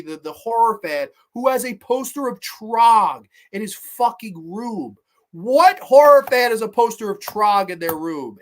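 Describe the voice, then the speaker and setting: A man's voice: extremely high pitch, a bit bright. A man hosting a horror movie review show, ranting in a profane, heated and sarcastic way. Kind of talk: solo movie review rant.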